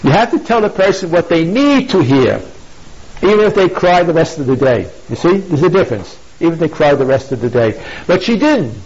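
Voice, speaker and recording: A man's voice: fairly high pitch, very animated, a little fast, darkish tone, breathy edge. A man giving an informal moral talk. He retells an old story with rhetorical asides and emphatic repetition. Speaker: pro-life speaker. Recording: dull lo-fi recording.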